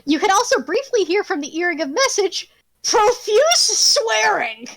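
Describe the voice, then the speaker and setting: A woman narrating a tabletop game as game master, animated and laughing, swearing freely. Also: very high voice, fairly quick, dry recording.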